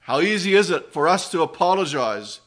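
A man preaching a sermon in a slow, measured way, his voice dropping low and soft on solemn phrases. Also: expressive.

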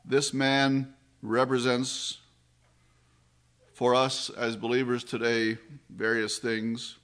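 Slow, measured male preacher. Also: medium pitch, monotone, a bit bright, clean tone. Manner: slow, measured preaching with solemn drops in volume. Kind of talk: sermon.

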